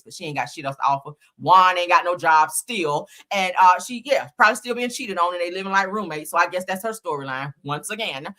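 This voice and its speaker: Bright-voiced sassy gossip host woman. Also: fairly low pitch. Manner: sassy, chatty, calls audience girl and honey. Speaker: live show host. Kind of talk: casual gossip chat.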